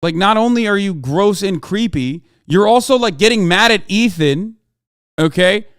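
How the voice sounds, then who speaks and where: A man's voice: high voice, animated, moderate pace, fairly bright tone, clear, resonant tone, dry recording, studio quality. A man streaming a reaction, arguing heatedly with chat in blunt, profane language. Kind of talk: live-stream reaction rant.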